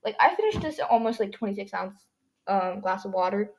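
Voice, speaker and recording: A woman's voice: medium pitch, lively intonation, a little fast, darkish tone. A teenage girl hosting her own podcast, chatting casually with a dry, scratchy throat and rambling with lots of "like" in every sentence. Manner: chatty, rambling, heavy use of "like". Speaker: podcast host. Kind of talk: casual solo podcast chat.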